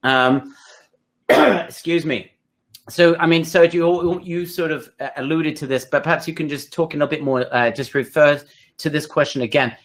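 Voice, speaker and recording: A man's voice: on the high side, normal speed. A man hosting a webinar, enthusiastic and speaking straight to his viewers. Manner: enthusiastic, addresses the audience directly. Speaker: webinar host.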